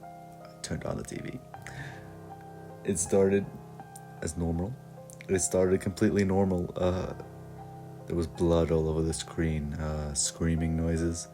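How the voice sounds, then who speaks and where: A young man narrating a comic horror story in a rambling, deadpan way, full of "uh" and "and then", over faint music. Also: low voice. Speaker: creepypasta parody narrator.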